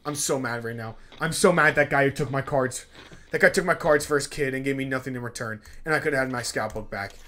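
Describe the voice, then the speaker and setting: With a medium-pitched voice and fast delivery, a man does let's play commentary as a gaming YouTuber. He talks to his characters, says things over and over, and sounds pleading and excitable.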